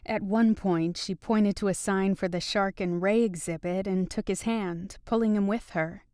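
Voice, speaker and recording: A woman narrating a romance audiobook in an even, steady storytelling manner. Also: medium pitch, normal speed, dry recording, studio quality. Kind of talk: scripted narration.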